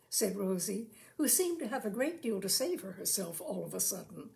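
A woman reading a short story aloud in a measured, expressive way. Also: medium pitch, creaky. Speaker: story reader.

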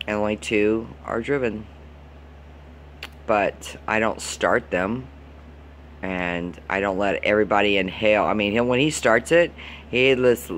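A man's voice: mid-range voice, fairly bright tone. Profane, heated man venting. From Florida. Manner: profane, exasperated, heated complaining. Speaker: vlogger. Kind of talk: angry venting rant to camera.

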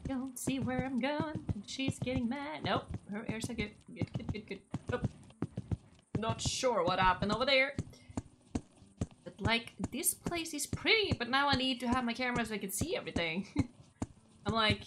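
A woman's voice: on the high side, moderate pace, noisy background. A young woman from Norway, chatting casually through her gameplay, gushing and talking to her horse. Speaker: gaming channel host.

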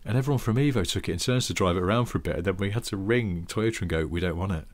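A man's voice: low-pitched, racing. A middle-aged man co-hosting a podcast, telling anecdotes in casual chat with the odd swear. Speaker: podcast co-host.

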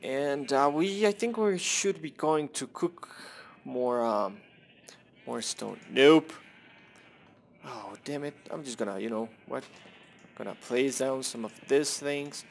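A man's voice: medium pitch, slow, vocal fry, a little hiss or hum. A young man casually commenting on his own gameplay, rambling, self-deprecating and swearing at the game.

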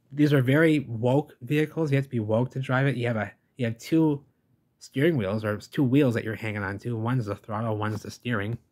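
A man giving casual, rambling reaction commentary on a video, enthusiastic and chatty, calling listeners "folks" and "baby". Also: medium pitch.

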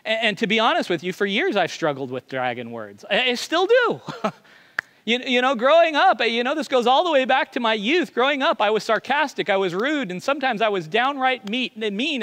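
A man's voice: extremely high pitch, sing-song, normal speed, a bit bright. A male pastor preaching a sermon in a confessional, self-deprecating way, often stammering and restarting.

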